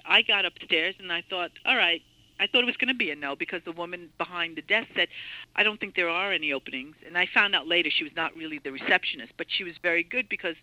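Bright-voiced woman in her sixties, lively storyteller. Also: fairly low pitch, no echo, low-quality recording. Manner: lively anecdotal, laughs often, many fillers. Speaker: interview guest. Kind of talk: storytelling interview.

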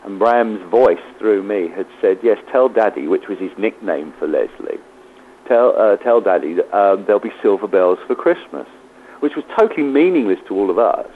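Male guest, low voice, anecdotal storyteller who voices his quotes. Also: lively intonation, moderate pace, phone-quality sound, slight background noise. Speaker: medium. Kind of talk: storytelling interview.

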